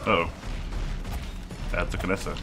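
A man giving casual, low-key let's play commentary, muttering wry asides as he plays. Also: level tone, moderate pace. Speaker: gameplay commentator. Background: game music and gunfire.

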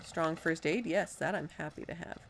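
Woman let's-play host, lowish voice, talking through her game in a chatty, self-mocking way. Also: moderate pace, vocal fry, background noise. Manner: chatty, self-deprecating, thinks aloud. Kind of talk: casual gameplay commentary.

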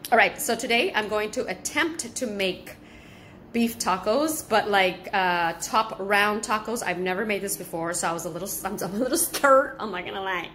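A woman's voice: medium pitch, moderate pace, bright, forceful tone, slight background noise. A woman from Southern California chatting casually as she cooks at home, swearing freely and switching between Spanish and English. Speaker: home cooking vlogger. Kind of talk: casual cooking vlog chat.

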